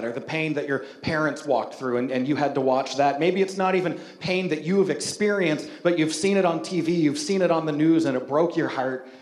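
A male pastor gives a conversational sermon, joking about himself and talking straight to the congregation. His voice sits high for a man and carries a roomy echo, as if in a large space. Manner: humorous, conversational, self-mocking storytelling.

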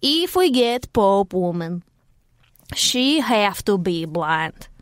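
A woman voicing her joking immigrant father in a put-on Russian accent and broken English, telling a slow deadpan joke in a recording booth. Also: mid-range voice, no room sound, clean studio sound.

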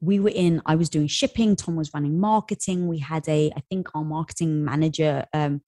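A woman's voice: sits low, fairly quick, dry recording, studio quality. A woman in her forties, an entrepreneur and podcast guest, telling a story in a casual interview and acting out the quotes. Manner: animated storyteller, acts out quotes.

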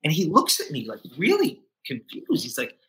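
Bright-voiced man telling his story. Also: a little high, huge pitch swings, normal speed, low-quality recording. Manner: emotional, restarts often, acts out quoted voices. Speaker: podcast guest. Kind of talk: candid interview storytelling.

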